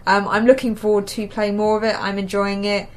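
A woman's voice: medium pitch, level tone, brisk. Rambling English woman chatting about games. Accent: Essex-tinged English. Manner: rambling, hesitant with many ums and restarts. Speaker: podcast co-host. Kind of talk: casual gaming chat.

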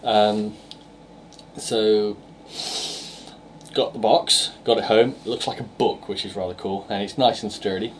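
A man's voice: fairly low pitch, steady tone, a little slow, long pauses, slight background noise. Rambling young man hosting a game podcast. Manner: rambling, many fillers and restarts. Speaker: podcast co-host reviewing games. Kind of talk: casual podcast chat.

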